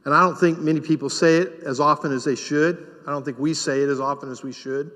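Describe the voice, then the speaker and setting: A man's voice: on the high side, steady tone, fast, a bit bright. A man preaching a sermon as pastor, emphatic and repeating key phrases for stress. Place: church sanctuary. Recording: long reverb of a church hall.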